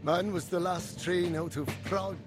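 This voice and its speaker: A man recounts his memories in calm, reflective scripted narration. His voice sits a bit higher than usual for a man, and soft music plays behind him. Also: normal speed.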